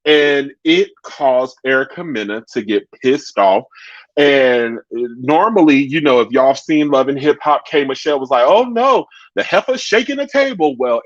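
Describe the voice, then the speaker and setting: A man hosting a casual chat show, talking in an animated way and answering viewers' comments directly. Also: mid-range voice, normal speed, dry recording, dull audio. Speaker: talk show host.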